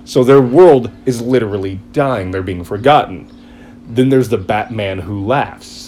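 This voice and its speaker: A man chatting casually, retelling a story in an excited, rambling way and acting out quotes. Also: fairly low pitch, unhurried, slight background noise. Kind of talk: casual chat.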